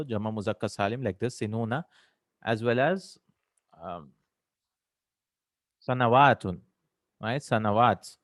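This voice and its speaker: A man's voice: fairly low pitch, dry recording, clean studio sound. A man teaching an Arabic grammar lesson, explaining terms step by step and often checking with "right?".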